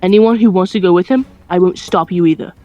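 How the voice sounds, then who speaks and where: Amateur doing a stern old factory matriarch, slow and deliberate, fan dub on a dull, dry home mic. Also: medium pitch, warm tone, dry recording, soft background music, natural voice. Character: elderly woman factory worker representative, stern.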